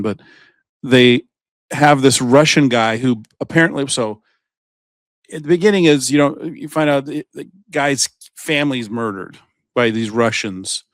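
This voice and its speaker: A man's voice: medium pitch, no room sound. Man, podcast co-host, casual rambling talk, medium voice, dry close mic. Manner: rambling, many fillers and tangents. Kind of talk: casual chat.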